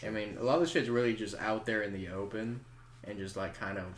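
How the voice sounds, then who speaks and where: Young dude on a podcast making crude jokes, kinda low voice, roomy sound. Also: male voice, steady tone, fairly quick, a little hiss or hum. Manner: joking, crude humor. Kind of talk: casual chat. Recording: roomy echo.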